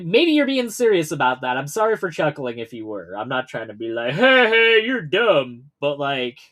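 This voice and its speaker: A man hosting a political livestream, reading news and reacting with sarcasm and frequent swearing. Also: medium pitch. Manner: profane, sarcastic and animated. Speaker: livestream political commentary host. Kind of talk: casual political livestream commentary.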